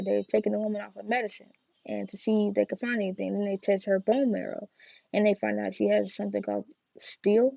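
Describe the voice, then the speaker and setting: A woman's voice: mid-range voice, vocal fry, mellow, dry recording, lo-fi sound. A woman reviewing a TV episode in casual, rambling chat, full of fillers and slangy asides. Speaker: TV review vlogger.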